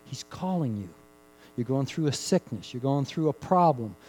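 A man preaching a sermon, rising to loud emphatic peaks and dropping to hushed, drawn-out phrases, repeating key words for emphasis. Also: medium pitch, animated, poor audio. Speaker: pastor.

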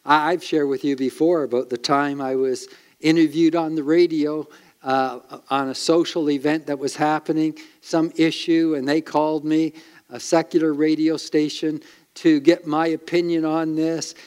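A male pastor preaching with earnest emphasis. His voice sits a little high for a man, and he leans on dramatic pauses to drive his points home. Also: flat delivery, a little mellow, clean tone. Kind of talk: sermon.

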